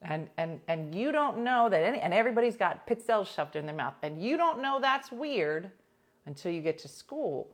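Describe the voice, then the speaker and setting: A middle-aged woman hosting a radio show, chatting casually and telling animated stories. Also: medium pitch, moderate pace. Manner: animated storytelling, imitates voices in anecdotes. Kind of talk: casual chat.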